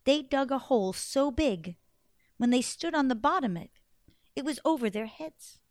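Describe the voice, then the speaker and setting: Woman telling a fairy tale to kids, animated, a bit high, dry close sound. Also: normal speed, no room sound. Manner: lively, animated narration. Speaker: storyteller. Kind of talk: live storytelling for children.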